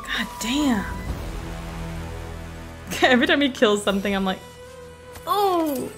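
A woman casually commenting on her own game playthrough, chatty, profane, and quick to mock the characters. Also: fairly high pitch, music in the background. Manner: chatty, swearing, laughing, voices characters mockingly. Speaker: let's play gamer.

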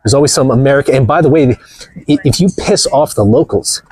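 A man's voice: mid-range voice, fairly quick, darkish tone, husky, dry recording. A man vlogging outdoors with a phone camera, blunt and mocking, rambling through stories as he walks. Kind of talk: casual walking vlog talk.

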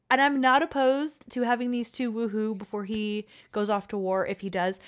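Excitable woman narrating her gameplay. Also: mid-range voice, a little fast, few pauses. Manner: excitable and chatty, pleading with the dice, cooing at characters. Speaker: gaming channel host. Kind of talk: casual let's-play commentary.

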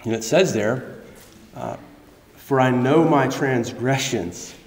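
Male pastor, casual conversational sermon, lively storytelling with restarts, recorded in a reverberant sanctuary. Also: mid-range voice, slow. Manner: animated storytelling with frequent restarts and rhetorical questions. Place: church sanctuary. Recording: echoey church hall with long reverb.

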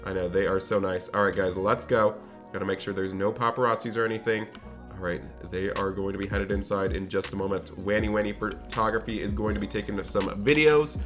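A man's voice: lowish voice, fairly even intonation, fairly quick, soft background music. A man hosting a game role-play video, chatting upbeat and directly to his viewers. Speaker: gaming channel host.

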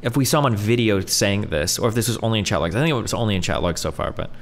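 A man's voice: on the low side, lively intonation, rapid-fire. A man reacting live on stream, blunt and profane in casual commentary.

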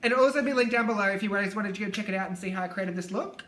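A woman's voice: medium pitch, rapid-fire, a bit bright. A young woman hosting a casual vlog with friends, bubbly and laughing, swearing freely as she chats. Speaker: YouTube vlogger host. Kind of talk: casual chatty intro with friends. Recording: echoey room.

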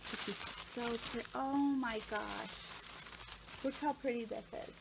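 Home vlogger, woman, unhurried and effusive, keeps exclaiming with delight; slightly high voice, faint background hum. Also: vocal fry. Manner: gushing, excited exclamations. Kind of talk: casual unboxing vlog.

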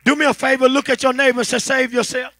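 A pastor preaching a fervent sermon, calling to the congregation and building to a shout. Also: male voice, extremely high pitch, level tone, very fast, no room sound.

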